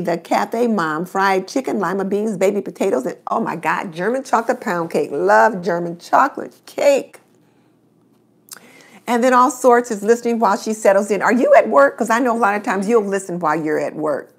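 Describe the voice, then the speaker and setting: A woman's voice: medium pitch, lively intonation, normal speed. A middle-aged woman hosting a casual live stream, chatting and greeting viewers by name.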